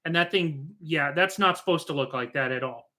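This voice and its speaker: A man's voice: a little high, normal speed, sharp tone. A middle-aged man chatting casually on a live stream, rambling and joking with frequent restarts.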